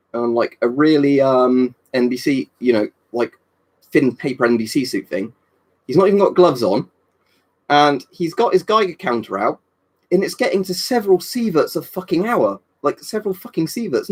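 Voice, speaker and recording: A young man rambles casually on a live stream, swearing freely while reading and answering viewers' comments in chat. His mid-range voice is a little mellow with a breathy edge.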